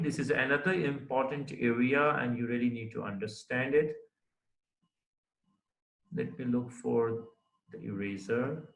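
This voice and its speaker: Male teacher, recorded lecture, slow deliberate delivery, keeps asking "right?", mid-pitched voice, roomy echo. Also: fairly even intonation, vocal fry. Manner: slow, explanatory, checks understanding with "right?". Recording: echoey room.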